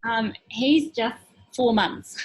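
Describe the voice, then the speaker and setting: A woman's voice: on the high side, slow, husky. A young Australian woman calling in on a phone line, talking hesitantly and earnestly. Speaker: caller.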